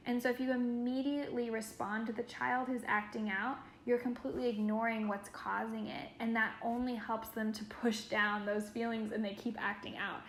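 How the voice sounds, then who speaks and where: Young woman caregiver talking it through, says like a lot, kinda high voice, roomy echo. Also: flat delivery, moderate pace, few pauses, a bit bright, slight background noise. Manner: earnest, reflective, says "like" often. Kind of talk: training talk. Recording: echoey room.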